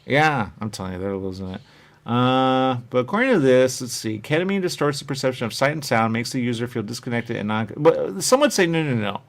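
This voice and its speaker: A male show host chats casually, rambling from one point to the next and often acting out other people's words in their voices. His mid-range voice is expressive, and he talks a little fast in a meandering, chatty way.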